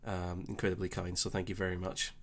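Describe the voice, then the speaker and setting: A young man with a Scottish accent hosting a casual live stream, chatting easily and reading out viewer comments with relaxed filler pauses. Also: sits low. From Scotland. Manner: chatty and easygoing, thinking aloud with filler pauses.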